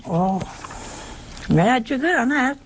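A woman's voice: high voice, animated, measured pace, slight background noise. An older woman giving a conversational sermon, emphatic and full of rhetorical questions. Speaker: preacher.

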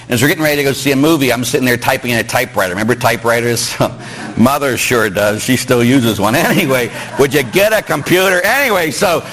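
A middle-aged Catholic priest from Pittsburgh preaching a sermon, joking and asking the congregation questions. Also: male voice, medium pitch, fast talker, fairly bright tone, low-quality recording.

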